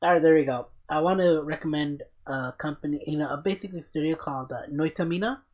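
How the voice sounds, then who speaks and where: Man, podcast host, casual chat, excited, swears a lot, rambling. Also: a little high, fast. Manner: excited, profane, rambling storytelling.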